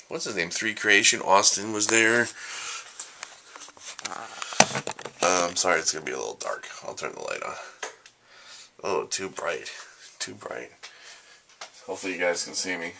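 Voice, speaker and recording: A man's voice: deep voice, measured pace, gravelly, pauses often, background noise. A young man vlogging casually, joking, rambling and making fun of himself. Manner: joking, rambling, self-mocking. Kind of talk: casual vlog.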